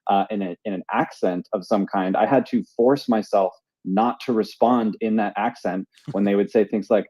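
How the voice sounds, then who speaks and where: A man's voice: on the low side, moderate pace, warm tone, dry recording. A man co-hosting a casual podcast chat, rambling with fillers and restarts. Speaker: podcast co-host.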